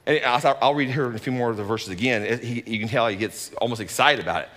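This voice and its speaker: A man, a lead pastor, giving a conversational sermon in an animated, folksy way with joking asides. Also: medium pitch, fast, hardly any pauses, long reverb tail.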